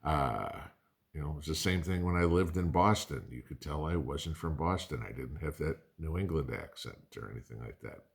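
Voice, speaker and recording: A middle-aged man hosting a prepping channel, talking casually to camera in a conversational, rambling way with folksy asides. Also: rumbling low.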